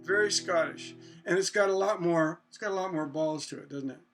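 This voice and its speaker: A man teaching songwriting, talking slowly with many restarts and singing short "na na" phrases to show chords. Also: on the high side. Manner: breaks into sung "na na" phrases to demonstrate chords; halting, restarts often, asks rhetorical questions. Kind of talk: songwriting lesson, playing guitar. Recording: loud guitar under the voice. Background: acoustic guitar playing.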